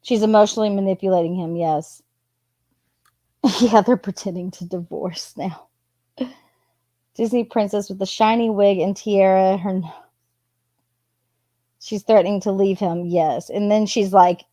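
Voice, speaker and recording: A woman's voice: medium pitch, fairly even intonation, normal speed, warm tone, dry recording, clean studio sound. A woman casually reading out text messages and adding her own blunt asides. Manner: chatty, reads messages aloud with asides. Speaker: true crime commentator.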